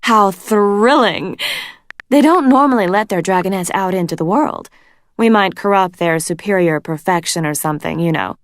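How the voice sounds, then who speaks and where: A woman's voice: medium pitch, lively intonation, a little slow, fairly bright tone, pitched above the performer's own voice. A woman voicing a cruel, teasing female dragon queen from a storybook, mocking and drawn out. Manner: mocking, sing-song and drawn out.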